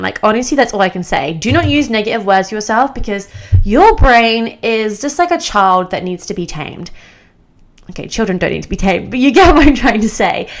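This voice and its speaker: A woman's voice: medium pitch, moderate pace. A young woman giving a casual motivational talk to camera, bubbly and emphatic, often laughing mid-sentence as she makes her points. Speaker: self-improvement creator.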